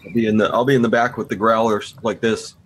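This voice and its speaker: A man's voice: fairly low pitch, fairly even intonation, fast, a little hiss or hum, low-quality recording. A man joining a casual group chat as co-host, trading crude jokes. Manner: joking, crude humor.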